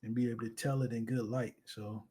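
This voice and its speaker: A man's voice: medium pitch, level tone, a little fast, warm tone, husky. A male streamer appearing as a guest, speaking earnestly and reflectively in casual conversation, with frequent "you know" fillers.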